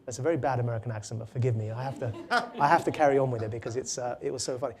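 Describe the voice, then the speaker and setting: A man, an author and guest speaker, answering audience questions at a public talk in an earnest, fluent way, with quick restarts. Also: mid-range voice, fairly even intonation, darkish tone.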